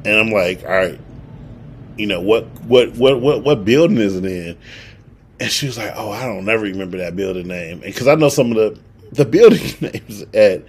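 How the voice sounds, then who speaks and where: A husky young man in his twenties tells a story in loose, swearing podcast chat. His voice sits low, and he slips into the lines of everyone in the story with lively delivery. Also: moderate pace. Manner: animated, profane, acts out quoted dialogue. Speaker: podcast co-host.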